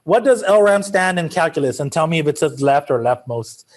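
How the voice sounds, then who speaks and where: A man's voice: on the high side, lively intonation, a little fast. A male math teacher giving a classroom lecture in a casual, joking way, drifting into chatty asides.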